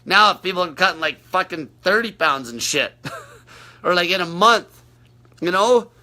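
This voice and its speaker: A man's voice: high-pitched, lively intonation, normal speed, bright, forceful tone. A man coaching on a livestream, answering viewer questions in a brash, blunt, profane way.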